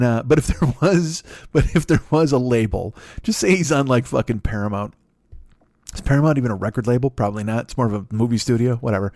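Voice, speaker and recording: A man's voice: mid-range voice, darkish tone, no echo, studio quality. A middle-aged man hosting a comedy podcast, delivering a rambling, sarcastic, profane monologue. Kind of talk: stand-up style monologue.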